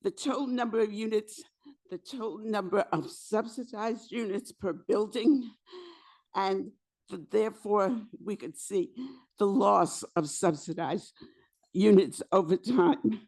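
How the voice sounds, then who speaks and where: A woman who is losing her voice, presenting to a community board as a housing committee co-chair, speaking haltingly with fillers and restarts. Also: medium pitch, a little mellow. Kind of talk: public meeting presentation. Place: community board meeting room.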